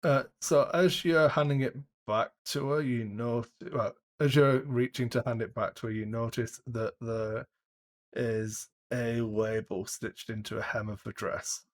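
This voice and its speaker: A man narrating as game master of a tabletop game, halting often with ums as he describes scenes. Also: mid-range voice, fairly even intonation.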